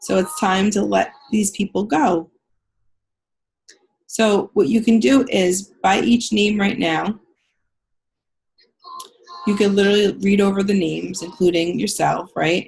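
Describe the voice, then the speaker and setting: Woman, gravelly voice, healing group leader, affirming, guided meditation. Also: mid-range voice, fairly even intonation, a little slow, pauses often, darkish tone, poor audio. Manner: affirming, repeats key phrases. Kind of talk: reading out comments and leading a guided meditation.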